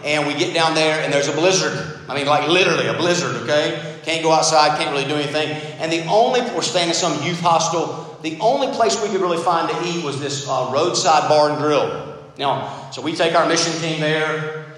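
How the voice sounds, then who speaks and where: A middle-aged American man preaching a sermon, telling stories in an animated, self-deprecating way. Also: a little high, a little fast. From United States. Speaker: pastor. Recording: very echoey hall, faint room noise.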